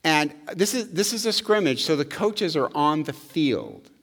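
A middle-aged male pastor preaching a conversational, animated sermon, often checking in with "right?". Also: a little high, measured pace. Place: church sanctuary. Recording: long hall reverb.

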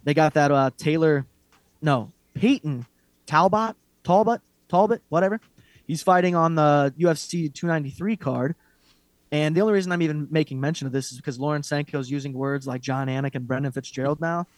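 A man's voice: on the high side, a little fast, no echo. A man co-hosting a casual fight podcast, ranting bluntly and mockingly with plenty of profanity. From Irish heritage. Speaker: podcast co-host. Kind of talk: casual MMA chat.

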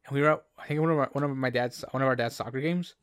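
A man's voice: medium pitch, steady tone, racing, clean tone, no room sound, clean studio sound. A young man from Canada, co-hosting a podcast in casual chat, rambling through stories with many restarts. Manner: rambling storyteller, many restarts, laughs often. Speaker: podcast co-host.

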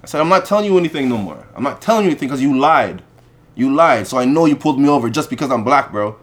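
A man casually telling an animated story in conversation, acting out the people he quotes. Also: medium pitch, racing. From Canada.

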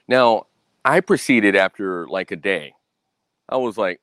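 A man's voice: fairly low pitch, lively intonation, unhurried, long pauses, fairly bright tone, dry recording. An American man telling a story in a blunt, profane rant, keeping up a "right?" after his points. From United States. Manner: keeps asking "right?". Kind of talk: casual profane monologue.

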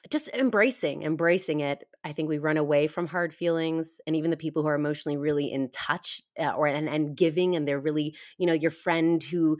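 A woman, a podcast guest chatting in an animated, giggly, self-deprecating way. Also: deep voice. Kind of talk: casual conversation.

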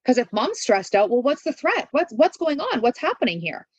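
A woman's voice: high-pitched, very animated, moderate pace, no room sound, dull audio. A woman giving parenting advice in an interview, earnest and coaching, asking many rhetorical questions and checking in with "right?". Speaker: parenting expert guest.

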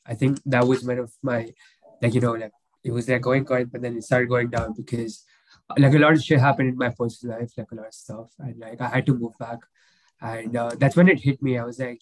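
Young male podcast guest, casual chat, rambling with lots of fillers, mid pitch. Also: fairly even intonation, a little fast, poor audio. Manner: rambling, heavy with fillers and restarts.

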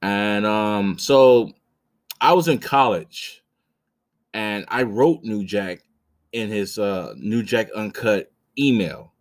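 A man's voice: fairly low pitch, takes it slowly. A man in his thirties hosting a podcast, telling a story casually with blunt, profane, rambling talk full of restarts. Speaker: podcast host.

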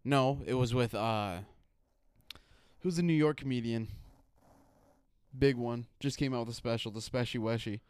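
Midwestern guy, podcast co-host, very smooth voice in a dry, close-miked room, rambles with lots of "like.". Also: mid-range voice, unhurried, long pauses, a little mellow, dry recording. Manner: rambling, heavy use of "like". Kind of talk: casual podcast chat.

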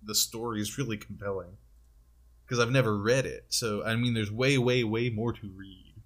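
A man with a low, slightly husky voice chats casually as a podcast co-host. He rambles through long explanations, stacking fillers as he goes. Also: moderate pace. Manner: rambling, filler-heavy storytelling. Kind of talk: casual chat.

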